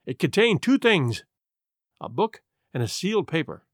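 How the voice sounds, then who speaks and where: A man narrating an audiobook in an expressive, animated storytelling manner. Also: fairly high pitch, normal speed, breathy edge, no echo, clean studio sound.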